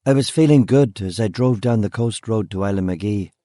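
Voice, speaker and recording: A man narrating a first-person crime novel audiobook in a dry, wry, measured way. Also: fairly low pitch, dark tone, no echo.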